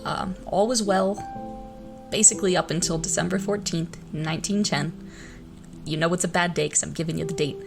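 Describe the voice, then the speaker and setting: A woman's voice: lowish voice, fairly even intonation, a little fast, vocal fry, over music. A woman co-hosting a podcast, telling a story in a chatty, casual way with plenty of fillers. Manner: chatty, many "like" fillers, laughs easily. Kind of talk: casual chat.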